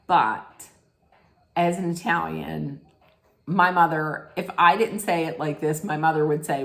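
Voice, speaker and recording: Woman recap vlogger, lowish voice, blunt, rambling rant with swearing, roomy sound. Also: takes it slowly, fairly bright tone. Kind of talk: casual rant. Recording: roomy echo.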